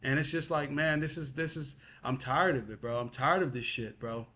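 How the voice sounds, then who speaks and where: A man's voice: mid-range voice, normal speed, pushed and bright. A young adult man venting in a frustrated monologue to his viewers, repeating himself and cursing as he talks. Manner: frustrated, repetitive, cursing, addresses listener as bro. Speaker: vlogger.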